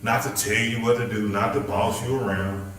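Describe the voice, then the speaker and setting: In a church hall with heavy echo, a lower-voiced man speaks at a moderate pace while leading a Bible study. As pastor, he preaches conversationally, cracking jokes and teasing the listeners in a lively way. The microphone is distant and his voice is off-mic.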